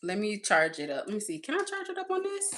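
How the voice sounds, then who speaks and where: Talking to "y'all" on her live stream, a woman rambles through casual chat, reading comments aloud and laughing frequently. Her mid-range voice moves quickly with huge leaps in pitch, and the recording is very noisy.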